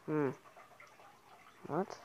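Excitable young gamer girl, lo-fi mic. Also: extremely slow. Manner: excitable, cheering and trash-talking other players. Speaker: gamer commentator. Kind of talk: casual gameplay commentary.

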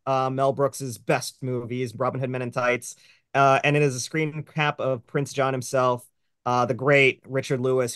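A man's voice: mid-range voice, fairly bright tone, clear, resonant tone, dry recording, clean studio sound. A man hosting a casual film review show over a video call, rambling with plenty of fillers. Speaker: host.

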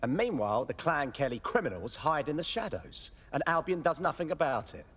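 A man's voice: fairly high pitch, expressive, brisk, a bit bright, in a large hall. An actor playing an indignant male resistance recruit in a video game.

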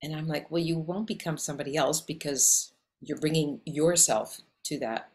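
A woman from Canada with a Canadian accent, an actress and acting coach talking animatedly in an interview, often rattling off lists. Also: low-pitched. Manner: animated, talks in quick lists. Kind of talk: casual interview conversation.

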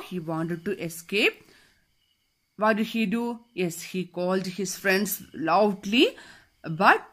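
A woman teacher with an Indian English accent, reading a children's story aloud and explaining it, asking and answering her own questions. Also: medium pitch.

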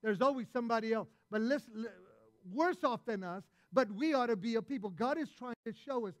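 A man preaching a sermon as pastor, retelling a parable and acting out its voices with animated delivery. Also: extremely high pitch, a little fast, no echo.

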